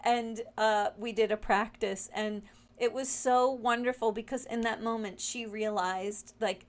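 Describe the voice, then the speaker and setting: Woman, spiritual guide type, soft rambling delivery full of "um" and "like", reflective weekly card talk. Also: fairly high pitch, steady tone, normal speed. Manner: gentle, meandering, with many fillers and restarts. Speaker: spiritual guide reading weekly oracle cards.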